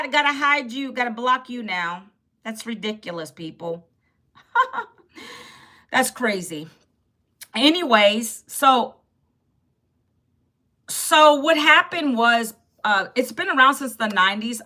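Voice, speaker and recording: A woman in her fifties chats on a live stream in a high, bright, sharp voice. She talks straight to her viewers and reacts to their comments, often laughing as she goes. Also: animated, slow, long pauses. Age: 50s. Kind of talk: casual live-stream chat.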